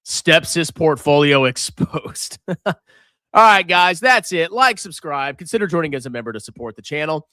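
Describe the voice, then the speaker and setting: Lively, bright-voiced man hosting a market stream. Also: a little high, normal speed, no room sound. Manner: animated, jokey, reacts loudly to price moves. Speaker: finance livestream host. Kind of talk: casual market livestream.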